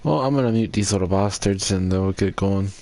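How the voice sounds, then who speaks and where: A man hosting a gaming channel, talking through a casual game recap in a relaxed, rambling way with hesitant fillers. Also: sits low, a little fast, slight background noise.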